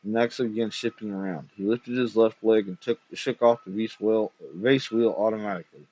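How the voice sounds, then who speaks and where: A man reads a story aloud in a low, husky voice, steady and measured. The delivery is dramatic without hurrying. The recording is dull and lo-fi. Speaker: reader.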